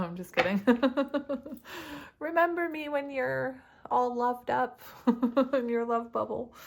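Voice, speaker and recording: Excitable woman giving a tarot reading. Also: a little high, creaky, a little hiss or hum. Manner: excitable, laughs often, talks straight to viewers. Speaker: tarot reader. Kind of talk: casual tarot reading to camera.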